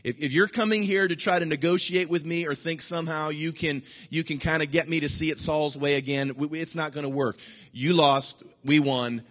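Animated preaching man in reverberant hall. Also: a little fast. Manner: animated preaching with sudden high bursts and hushed asides. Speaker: pastor. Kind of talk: sermon.

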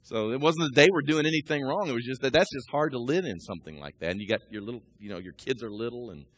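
A man in his sixties preaching a sermon, talking through scripture and personal stories and building to loud, rising peaks. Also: mid-range voice, quick pace, breathy edge, dry recording. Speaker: pastor.

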